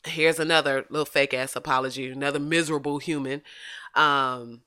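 A blunt woman delivering a casual commentary rant. Her voice is bright and forceful, and she swears freely. She keeps it animated and loose the whole way through. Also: deep voice, a little fast, clear, resonant tone. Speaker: commentary host.

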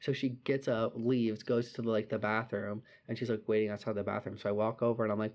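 A man's voice: on the low side, brisk, few pauses, lo-fi sound. A young man casually telling a story, swearing freely and acting out quotes. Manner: profane, animated storytelling with voiced quotes.

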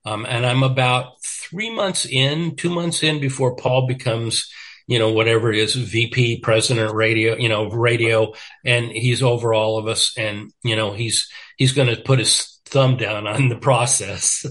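A man's voice: mid-range voice, fairly even intonation, unhurried, a bit bright. An older man, a radio programmer, telling stories in casual chat with plenty of fillers and restarts. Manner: rambling, many fillers and restarts, laughs while telling stories. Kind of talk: casual storytelling conversation.

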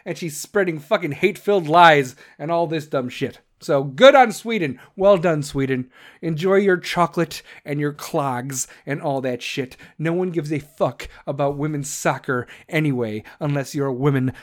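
A man's voice: on the high side, moderate pace. A man from Chicago with a Chicago accent, hosting a podcast in a brash, profane, joking rant. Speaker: podcast host. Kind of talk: casual ranting monologue.

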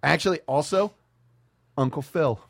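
A man hosting a podcast in casual chat, a profane, lively storyteller who acts out what people said. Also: fairly high pitch, normal speed, creaky, no room sound. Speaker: podcast host.

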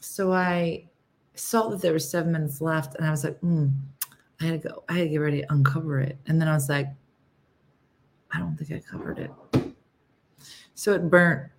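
A woman hosting a casual livestream, chatting with viewers in a rambling way, with many fillers and frequent throat-clearing. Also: sits low, steady tone, a little fast. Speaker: livestream host. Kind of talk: casual chat with live viewers.

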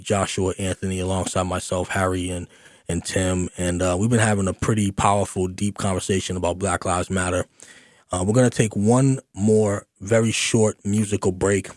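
A man with a very low voice hosts a community radio talk show and speaks earnestly and encouragingly to the young guests. His delivery is conversational, dotted with "you know" and "right?". The studio sound is dry and close. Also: dry recording. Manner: earnest, encouraging, addresses youth directly.

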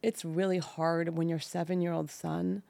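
A woman in her thirties from the San Francisco Bay Area tells her personal story frankly and emotionally as a podcast guest, slowing down on the painful details. Her voice is fairly low and warm, with a level tone and vocal fry. The recording is dry.

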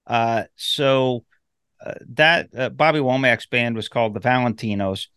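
Man, mid pitch, casual podcast co-host, rambling, swears, dry sound. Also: measured pace, a bit bright, clear, resonant tone, no room sound. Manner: rambling with many fillers and profanity. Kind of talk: casual chat.

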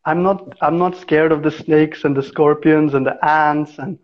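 A man grown up in India speaks as a guest in a relaxed interview. He tells anecdotes with energy, acting out the voices in them. His voice sits somewhat high, and the recording sounds dull and lo-fi. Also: a little slow. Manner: animated storyteller who acts out the voices in his anecdotes. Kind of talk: casual interview storytelling.

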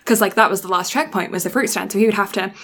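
A woman's voice: mid-range voice, fast, fairly bright tone. Chatty woman recapping a show. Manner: rambling, many ums and restarts. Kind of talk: casual chat recapping an anime episode.

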